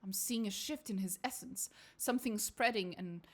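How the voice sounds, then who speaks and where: A woman voicing a pompous, fussy female scholar of souls, speaking briskly and clinically in a self-important tone. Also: medium pitch, a little hiss or hum, close to an everyday voice.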